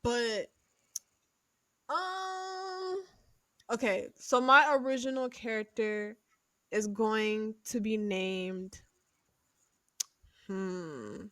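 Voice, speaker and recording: A woman's voice: a little high, drawn-out words, pauses often, fairly bright tone, dry recording. A woman podcast co-host improvising a comedic role-play, giggly and profane, often breaking into laughter.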